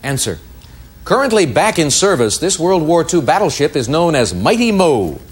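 A man hosting a quiz show, reading out clues crisply and giving brief verdicts. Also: a little high, big pitch swings, moderate pace.

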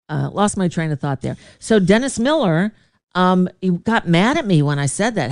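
A woman's voice: on the low side, animated, unhurried, darkish tone, no room sound, clean studio sound. A woman radio host telling a story in a casual, digressive way, often laughing and reacting to a live chat.

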